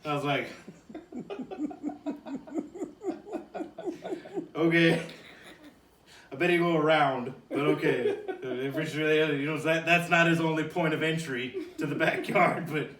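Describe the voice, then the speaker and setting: A man telling a funny personal story in a loose, animated way, bursting into shouts and laughter as he acts it out. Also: a little high, normal speed, slight background noise. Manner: animated, shouts and laughs while acting out the scene. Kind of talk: casual spoken anecdote. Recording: echoey room, distant mic.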